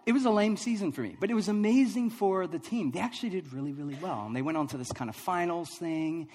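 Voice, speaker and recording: Man, pastor, sermon, husky, light self-mocking humor, long hall reverb. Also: high-pitched, quick pace. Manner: animated, self-deprecating storytelling with frequent laughter. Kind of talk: sermon with humorous personal story.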